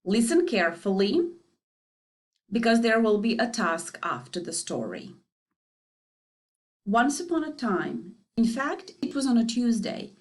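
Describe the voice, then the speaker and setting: A woman teacher reading a story aloud for a lesson, clearly paced and expressive. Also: mid-range voice. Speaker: English teacher.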